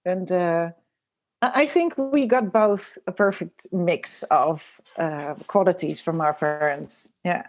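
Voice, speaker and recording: A woman from the Netherlands, a designer, speaking as a guest in a casual podcast interview. She talks thoughtfully, pausing often to search for words. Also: fairly low pitch. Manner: thoughtful, hesitant, many ums and pauses.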